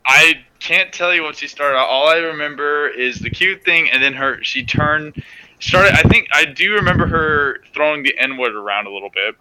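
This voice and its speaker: A young man co-hosting a podcast, recalling a story in halting, stop-start sentences. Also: on the high side, bright, forceful tone, slight background noise, poor audio. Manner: halting, restarts often. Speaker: podcast co-host. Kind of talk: casual storytelling chat.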